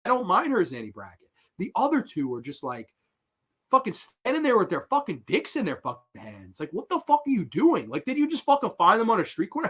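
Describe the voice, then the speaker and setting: A man hosting a horror film livestream, ranting casually and loudly with lots of swearing while answering chat. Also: fairly high pitch, a little fast. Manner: loud, animated, profane ranting.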